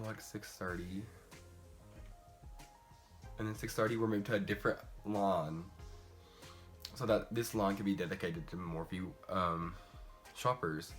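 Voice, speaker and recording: Chatty teen boy beauty vlogger. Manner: chatty and animated, jumping into high excited squeals when quoting. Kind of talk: casual storytime while doing makeup. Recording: faint music behind.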